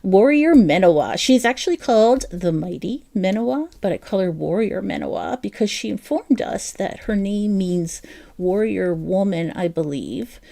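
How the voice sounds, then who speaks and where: A woman's voice: medium pitch, normal speed, creaky, mellow. A woman with a South Jersey accent hosting a crochet livestream, chatty and self-deprecating, laughing often and talking to her viewers by name. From New Jersey. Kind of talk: casual live-stream chat.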